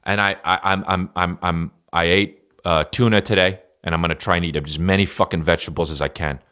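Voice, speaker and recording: Podcast host, male, very low voice, profane rambling comic, casual solo rant. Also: fairly even intonation, brisk. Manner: profane, rambling comic riffing with sudden loud jumps. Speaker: podcast host and stand-up comedian.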